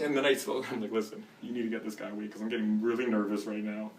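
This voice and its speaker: A young man from Canada telling a story casually, animated and laughing, acting out the people in it. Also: lowish voice, very fast, few pauses, distant mic, background noise. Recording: echoey room, heard from off-mic.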